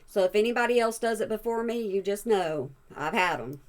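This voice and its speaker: A woman's voice: mid-range voice, lively intonation, fairly quick, background noise. A woman hosting a reaction channel, talking back to a clip in a blunt, exasperated way. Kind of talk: reaction commentary.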